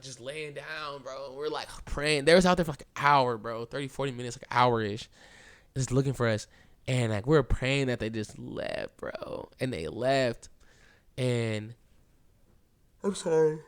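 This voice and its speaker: Young guy on a podcast telling a wild story, super casual, says bro every other line, normal-pitched voice. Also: clean tone. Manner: animated, keeps saying "bro" and "like"; acts out quoted lines, drops to a hushed voice at times. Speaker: podcast host.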